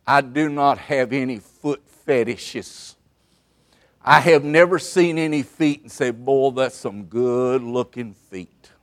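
Drawn-out revival preacher. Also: male voice, mid-range voice. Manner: dramatic, swinging between loud outbursts and hushed asides. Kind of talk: revival sermon. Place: camp meeting service.

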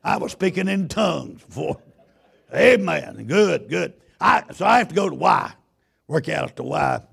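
A man preaching a sermon in a church. He is a loud, folksy Baptist pastor who tells stories with stammering restarts. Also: on the high side, very animated, moderate pace, vocal fry, breathy edge. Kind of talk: sermon with storytelling.

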